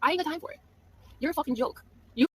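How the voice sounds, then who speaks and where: A woman's voice: high-pitched, quick pace, fairly bright tone, no echo. A woman from Massachusetts trash-talking a rival in a profane, brash video rant. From Massachusetts, USA.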